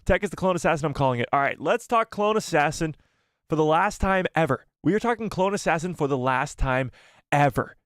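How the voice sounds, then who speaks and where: A man hosting a casual live stream, excitably reading viewer comments aloud and swearing casually. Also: a little high, a little fast, dry recording, clean studio sound.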